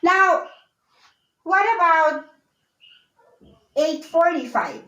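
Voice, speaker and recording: A woman's voice: very high-pitched, lively intonation, very slow, bright, forceful tone. A woman teaching a beginners' language lesson, patiently repeating and spelling out each word. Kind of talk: slow, deliberate lesson explanation. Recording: echoey room.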